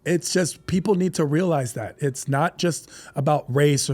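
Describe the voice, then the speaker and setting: A man with a high, light voice talks in a loose podcast chat. He jokes constantly, laughs through his own lines and drops into quick character voices as he tells stories. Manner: animated, joking, laughs often, does voices. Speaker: comedian guest. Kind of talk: casual podcast conversation.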